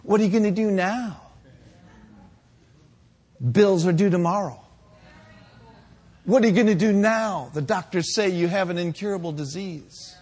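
A man voicing a mocking male devil with a shrill, needling voice. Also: a little mellow, husky. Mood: taunting. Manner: rapid needling taunts.

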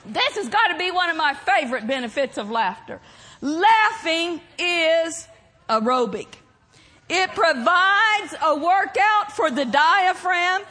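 Woman preacher, lively high voice swinging wide, bursts of loud laughter between unhurried lines. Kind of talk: sermon.

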